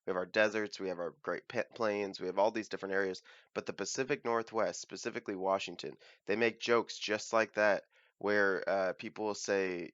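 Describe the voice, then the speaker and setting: A man's voice: on the low side, steady tone, a little fast, a bit bright, clear, resonant tone, dry recording, highs cut off. An American man hosting a reaction video, chatting casually and thinking aloud with hesitant fillers and restarts. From United States. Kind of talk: casual commentary.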